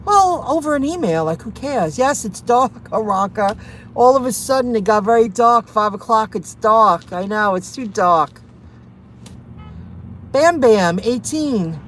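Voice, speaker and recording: She's a rideshare and delivery driver who vlogs, and here she chats loosely with viewers, airing a story that clearly outraged her and reading comments out loud. Her medium-pitched voice is animated but unhurried, with car and street sounds noisy behind her.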